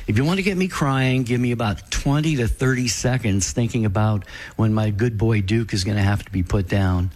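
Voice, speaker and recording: Gentle reflective male radio co-host. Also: lowish voice, fairly quick, few pauses. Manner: gentle, reflective, faith-minded. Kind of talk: radio talk show.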